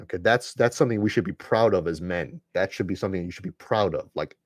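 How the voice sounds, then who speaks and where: A man's voice: sits low, fast, no room sound, studio quality. A man hosting a live stream, giving an earnest, preachy monologue that repeats phrases for emphasis and speaks bluntly to his listeners. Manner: addresses listeners directly and bluntly. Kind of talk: impassioned monologue to viewers.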